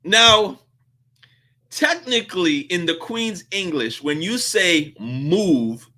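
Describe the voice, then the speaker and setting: Bright-voiced animated male host. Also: high-pitched, takes it slowly. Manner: animated storyteller, often laughing. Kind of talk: casual commentary.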